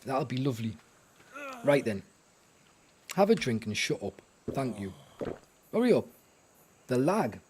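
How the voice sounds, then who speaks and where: A man's voice: mid-range voice, slight background noise. A man streaming a survival game live, chatting to himself and his viewers in a rambling, self-mocking way. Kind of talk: live gameplay chat.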